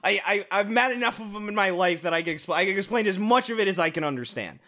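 A man co-hosting a casual podcast, reviewing a show in an animated, sarcastic rant with lots of swearing and restarts. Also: high-pitched, fast talker.

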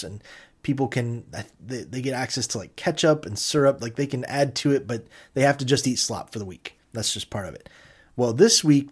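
A man hosting a solo casual podcast, talking in a rambling, enthusiastic way that jumps to sudden high, loud exclamations. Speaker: podcast host.

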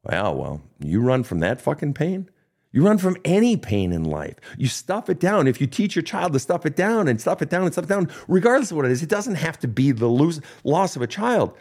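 A man's voice: huge pitch swings, fairly quick. A man in his fifties, a life coach answering listener questions in a recorded online session, talking bluntly and swearing heavily as he drives his points home. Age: 50s. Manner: blunt, heavily profane, emphatic preaching delivery; swings between hushed low stretches and high impassioned bursts.

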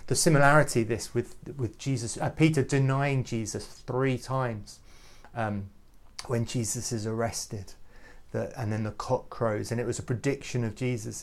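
Man, devotional talk, earnest, halting, mid-pitched, repeats words. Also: fairly even intonation, vocal fry. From United Kingdom. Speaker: youth ministry speaker.

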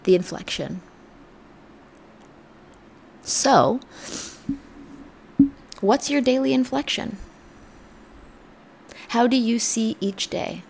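A woman hosting a podcast, giving an earnest, reflective motivational talk that sometimes drops to soft near-whispers. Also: a little high, expressive, extremely slow, gravelly, pauses often, slight background noise. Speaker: podcast host. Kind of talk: motivational self-help talk.

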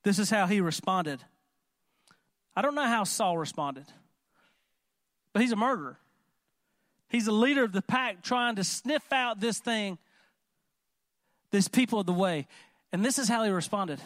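A man preaching a sermon in an animated, conversational way, often asking the congregation questions. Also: high voice, measured pace, long pauses, no room sound, clean studio sound. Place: church.

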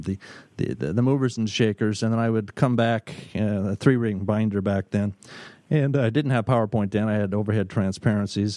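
A middle-aged man, a business consultant, telling stories in an emphatic talk, pausing often and repeating words. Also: on the low side, warm tone, dry recording. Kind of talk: storytelling talk.

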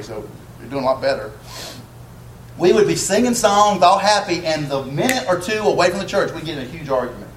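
A man's voice: on the high side, slight background noise. A man preaching a sermon in a church, speaking conversationally and asking the congregation questions. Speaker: pastor. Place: church sanctuary. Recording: echoey church room, faint ambience.

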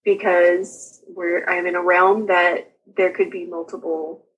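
A young woman, a guest on an interview show, chatting casually and quickly about her own experiences, often laughing as she tells them. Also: fairly low pitch, level tone, slightly rough, highs cut off. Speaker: guest sharing her birth story. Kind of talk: casual personal storytelling.

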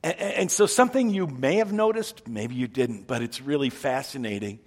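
A man preaching a sermon as a pastor, telling stories with lively energy and acting out the people he quotes. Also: medium pitch, normal speed, husky.

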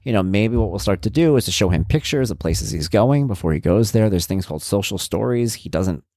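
A man's voice: on the low side, expressive, a little fast, warm tone, no echo, clean studio sound. A middle-aged man hosting a podcast, talking candidly and reflectively in a casual monologue. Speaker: podcast host.

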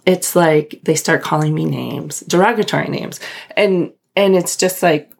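A woman's voice: sits low, unhurried, gravelly. A woman casually telling a personal story, rambling and restarting, breaking into short nervous laughs. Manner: rambling, self-interrupting, with frequent nervous laughs. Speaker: storyteller recounting a personal incident.

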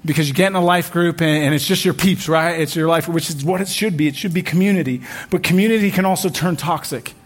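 A young male pastor preaching in a relaxed, conversational way, with joking asides and frequent restarts, in a church. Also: on the high side, fast, hardly any pauses. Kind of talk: sermon.

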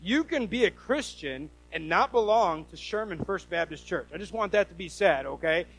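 High-voiced pastor preaching conversationally. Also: male voice, lively intonation, normal speed, a bit bright, rough recording. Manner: conversational preaching with repeated restarts and rhetorical questions. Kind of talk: sermon.

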